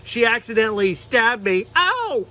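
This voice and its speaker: A man telling a children's sermon with puppets, in a gentle storytelling manner. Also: high-pitched, moderate pace, low-quality recording. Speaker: clergy giving children's sermon.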